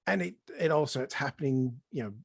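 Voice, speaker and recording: A man hosting a chat show, excitably retelling a film scene by scene and dropping his voice for effect. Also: mid-range voice, fairly quick, creaky, slightly rough, no room sound, studio quality. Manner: excitable storyteller, drops to near-whispers for effect. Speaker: podcast host. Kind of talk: enthusiastic film recap in casual chat.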